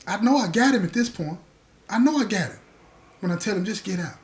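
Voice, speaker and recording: A man's voice: sits high, a little fast. A man telling a story about his past in a casual, slangy way, acting out what other people said. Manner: animated, slangy, acts out the other people's lines.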